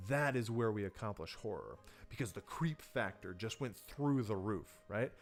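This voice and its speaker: A man's voice: fairly low pitch, animated, moderate pace, hardly any pauses. A man on a livestream teaching how to write horror for tabletop role-playing games, talking loosely and conversationally and acting out players' reactions. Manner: loose and conversational, with many fillers and restarts. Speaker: tabletop game design teacher. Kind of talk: livestreamed workshop talk.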